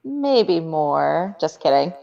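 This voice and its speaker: A woman's voice: deep voice, very animated, takes it slowly, gravelly, dark tone, lo-fi sound. A woman hosting a casual trivia stream, teasing and laughing often as she chats with her boyfriend. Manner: giggly, teasing. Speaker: trivia host. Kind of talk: casual chat.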